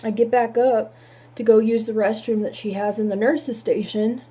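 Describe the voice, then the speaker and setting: A woman telling a painful personal story in halting words, holding back tears. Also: fairly high pitch, fairly even intonation, warm tone, husky.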